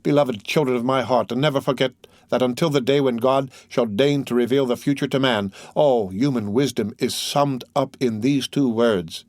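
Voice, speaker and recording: A man's voice: medium pitch, normal speed, a little mellow, dry recording. Man reading a classic novel aloud, dry sound. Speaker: audiobook narrator. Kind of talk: audiobook narration of a classic novel.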